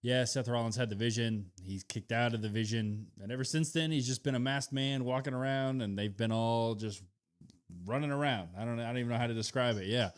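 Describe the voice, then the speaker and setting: A man co-hosting a wrestling podcast, talking through picks in a relaxed, matter-of-fact way. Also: medium pitch, a little fast, clear, resonant tone. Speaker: podcast co-host. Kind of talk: casual wrestling chat.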